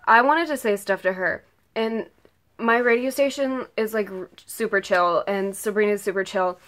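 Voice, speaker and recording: A teenage girl vlogger excitedly retelling a story in a casual, rambling way, saying "like" and "oh my god" a lot. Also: medium pitch, normal speed. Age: late teens. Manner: gushing, rambling, heavy use of "like" and "oh my god".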